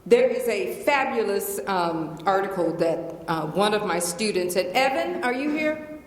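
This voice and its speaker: Woman, Southern accent, middle-aged, playful and emphatic, slow delivery, echoey hall with long reverb. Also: medium pitch, expressive. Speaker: guest lecturer. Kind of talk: lecture Q&A. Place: large lecture hall.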